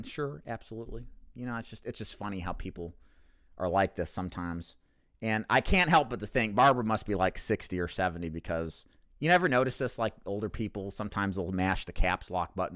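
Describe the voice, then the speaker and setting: A man's voice: fairly low pitch, fairly bright tone, no room sound, clean studio sound. A man hosting a casual question-and-answer talk, candid and joking at his own expense, often restarting his sentences. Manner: candid, joking, self-deprecating, with frequent restarts. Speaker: insurance agency owner and host. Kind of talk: casual Q&A monologue to camera.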